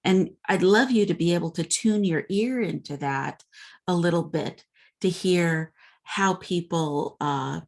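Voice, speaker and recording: A woman's voice: fairly low pitch, measured pace, vocal fry. A woman instructor giving an informal lecture in a conversational way, with frequent fillers.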